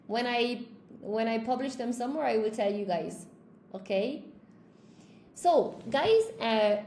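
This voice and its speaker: Woman English teacher, live stream host, gravelly voice, echoey room with faint background noise. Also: high-pitched, a little mellow. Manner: upbeat, encouraging, reads out comments. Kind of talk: live stream chat with viewers.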